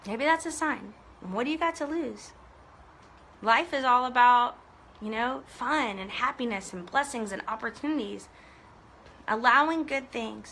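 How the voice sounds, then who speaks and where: Bright-voiced woman giving a motivational live chat. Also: fairly high pitch, slight background noise. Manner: earnest, motivational, chatty with viewers. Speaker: online business coach. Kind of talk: casual live video chat.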